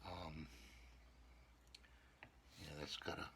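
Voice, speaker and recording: Gravelly low-voiced hobbyist man. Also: flat delivery, very slow, noisy background. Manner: rambling, talks to himself while gluing. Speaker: channel host repairing models. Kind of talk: casual hobby repair vlog.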